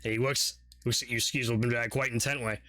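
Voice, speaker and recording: A man's voice: mid-range voice, steady tone, fairly quick, sharp tone. A man narrating as dungeon master in a rambling, profane way, full of filler words and laughter. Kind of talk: narrating a tabletop game.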